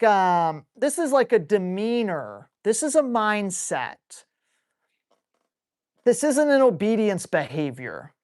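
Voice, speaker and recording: A man's voice: high-pitched, no room sound, studio quality. A man hosting a live stream Q&A on dog training, who reads viewer questions aloud and answers in a blunt, casual, salty way.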